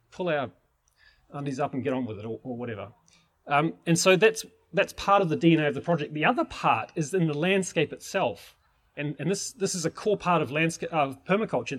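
A man's voice: on the high side, breathy edge. A man teaching permaculture in an enthusiastic, rambling way, with many restarts. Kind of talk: informal teaching talk.

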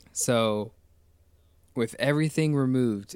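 A man's voice: fairly low pitch, normal speed, smooth, dry recording. A man hosting a casual film commentary, enthusiastic and rambling, with many restarts. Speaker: podcast host.

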